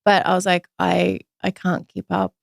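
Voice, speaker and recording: A chatty woman in her thirties shares a personal story in a relaxed interview. Her voice has a gravelly, creaky texture. It sounds close and dry, with no room echo. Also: on the low side, moderate pace. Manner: chatty, animated retelling with quoted voices. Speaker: podcast guest, usual host.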